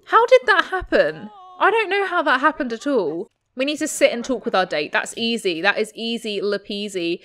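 A young woman giving excitable, giggly commentary as she plays a life-sim game and talks to its characters. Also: fairly high pitch, moderate pace, hardly any pauses. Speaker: gaming channel host.

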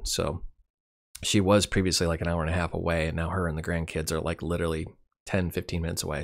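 A man's voice: deep voice, vocal fry. A middle-aged man and grandfather telling a rambling, wry personal story in a casual vlog, sounding winded and tired. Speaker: channel host. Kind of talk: casual personal year-in-review.

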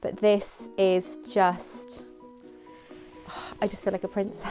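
A young woman chatting casually and gushing as she reviews a replica tiara, giggly and animated. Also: medium pitch, slow pace, pauses often, faint music behind. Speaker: vlogger reviewing a prop replica. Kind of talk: casual product review chat.

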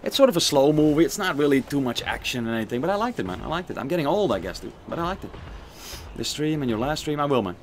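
A man's voice: on the high side, big pitch swings, quick pace, slight background noise. Profane joking male game streamer. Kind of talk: casual gaming stream commentary.

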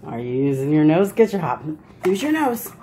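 A woman's voice: deep voice, very animated, moderate pace, mellow, slight background noise. A woman at home playfully giving her dog commands and encouragement during a game. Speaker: dog owner and channel host. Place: at home, at a table.

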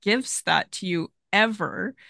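A woman's voice: medium pitch, takes it slowly, gravelly, bright, forceful tone, no room sound, clean studio sound. A woman hosting a podcast, chatting frankly and casually with a guest. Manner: chatty, frank, laughs easily. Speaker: podcast host. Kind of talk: casual conversation.

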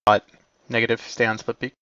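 A man commanding his team in an online game, giving brisk, polite tactical callouts and quick corrections. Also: medium pitch, little pitch movement, pushed and bright, no room sound. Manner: brisk, polite, slightly apologetic. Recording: dull lo-fi mic capture.

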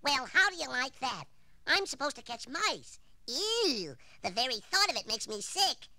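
A man voicing a cheeky, excitable little male cartoon woodpecker with a high, squeaky voice, on a vintage children's storybook record. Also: moderate pace, heavily acted. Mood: flustered. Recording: vintage record with loud music bed.

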